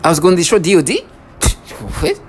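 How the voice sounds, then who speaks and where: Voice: medium pitch, huge pitch swings, moderate pace, breathy edge. A vlogger speaking in a rambling personal monologue, agitated and repetitive, with frequent stammering restarts.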